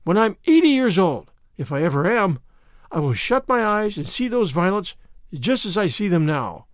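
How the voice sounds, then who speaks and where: An eager, romantic young woman pours out her fancies in a high, swooping voice, put on by a male narrator. Her speech rises and falls with wide animation, recorded close and dry. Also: big pitch swings, normal speed, no echo. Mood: enthusiastic. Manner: gushing, romantic. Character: dreamy talkative young woman, imaginative and eager.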